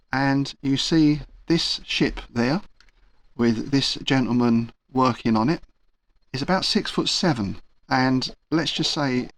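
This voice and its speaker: A man narrating and describing scenes as game master in a tabletop role-playing session. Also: medium pitch. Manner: relaxed, storytelling with asides.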